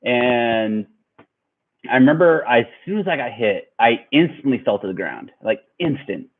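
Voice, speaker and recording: Young man, lively rambling storyteller, tinny phone-like sound, vlog chat. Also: mid-range voice, unhurried. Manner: rambling, animated, laughing at his own story. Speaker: vlogger. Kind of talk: casual storytelling.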